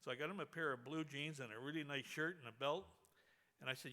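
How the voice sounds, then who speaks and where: A man's voice: on the high side, a little slow, long pauses. Man telling a funny eulogy story. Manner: animated storytelling, laughing along. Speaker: memorial speaker. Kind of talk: humorous eulogy anecdote.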